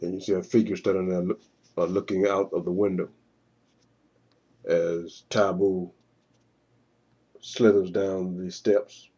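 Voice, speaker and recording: Halting deep-voiced man narrating a storyboard. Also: level tone, mellow, breathy edge, dull audio. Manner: halting, often repeats words. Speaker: writer pitching his screenplay.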